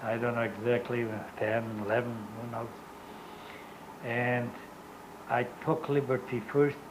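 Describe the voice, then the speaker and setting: An older man giving a Holocaust survivor's testimony in an oral history interview, speaking in halting, non-native English and often stopping to search for words. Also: medium pitch, steady tone, noisy background.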